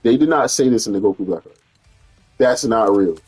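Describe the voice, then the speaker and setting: A man giving casual, profane gaming commentary on stream, with animated, incredulous outbursts. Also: fairly low pitch, a little fast, husky, no room sound, soft background music, rough recording.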